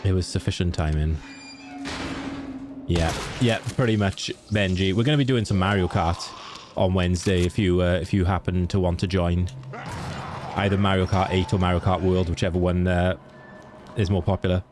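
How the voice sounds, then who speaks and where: A man's voice: deep voice, fairly even intonation, normal speed, music in the background. A young man with a Welsh accent, casually chatting with his viewers while streaming a game and answering them by name. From Wales. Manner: chatty, answers chat by name, laughs easily. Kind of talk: casual live-stream chat.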